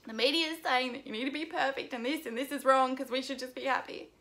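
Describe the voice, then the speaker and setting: A woman's voice: sits high, fast talker, hardly any pauses, pushed and bright. A young woman from Australia talking earnestly in a personal vlog, pleading and close to tears at times. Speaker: vlogger.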